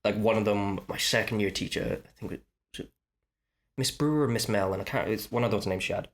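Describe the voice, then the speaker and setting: A man with a Swansea Welsh accent chats casually, acting out the voices in his stories with animation. His voice sits on the lower side. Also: fairly quick. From Wales. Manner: animated storyteller who acts out quoted voices. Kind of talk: casual podcast chat.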